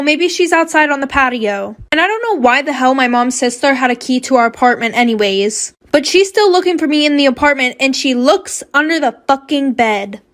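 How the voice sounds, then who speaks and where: Young woman w a pretty high voice, blunt slangy storytime chat, swears a bit. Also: a bit bright. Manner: chatty, slangy, blunt with cursing. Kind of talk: casual storytime monologue.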